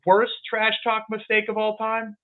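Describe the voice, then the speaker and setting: A male co-host with a slightly high voice, heard through a tinny, phone-like mic. He talks through picks and fights in a loose, rambling way and laughs often. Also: monotone, measured pace, a loud crowd. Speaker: podcast co-host. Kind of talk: casual sports betting podcast chat.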